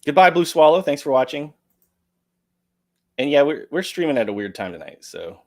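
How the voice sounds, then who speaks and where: A man's voice: on the high side, sing-song, moderate pace. An American man hosting a livestream, chatting casually and jokingly as he reads out donations. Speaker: livestream host. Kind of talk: casual chat, reading donations.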